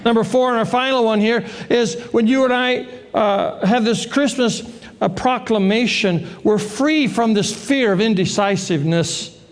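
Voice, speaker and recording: A man preaching a sermon, animated and joking, acting out the voices of the people in the story. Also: very high voice, a little slow. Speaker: pastor.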